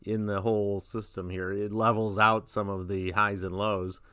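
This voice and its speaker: A man's voice: lowish voice, flat delivery, moderate pace, sharp tone, clear, resonant tone. A man co-hosting a radio show, easygoing and self-deprecating in casual studio chat. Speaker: radio co-host.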